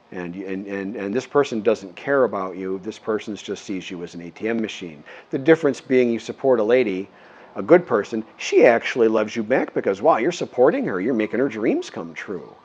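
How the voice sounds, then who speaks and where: A man with a lowish voice tells a story straight to his viewers, earnest and rambling, often stopping to restart his sentences. The recording is dull and lo-fi. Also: very animated, normal speed, a little mellow, slightly rough. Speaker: vlogger. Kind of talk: casual storytelling to camera.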